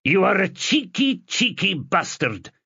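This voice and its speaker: A man voicing a furious, blustering male police boss who scolds and shouts. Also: high-pitched, wildly swooping pitch, measured pace, creaky, slightly rough, dry recording, lo-fi sound, voice pushed up, full character voice.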